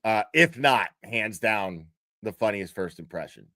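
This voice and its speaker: This livestream host has a lowish, expressive voice that sounds pushed and bright, though he doesn't rush, and there's no echo. Chatting casually, he rambles through a profane anecdote with restarts and outbursts of laughter.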